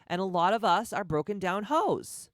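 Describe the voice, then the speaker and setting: Deep-voiced woman ranting bluntly. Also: animated, moderate pace, dry recording, studio quality. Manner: blunt, profane and confrontational; repetitive rhetorical questions. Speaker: podcast host. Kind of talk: motivational podcast rant.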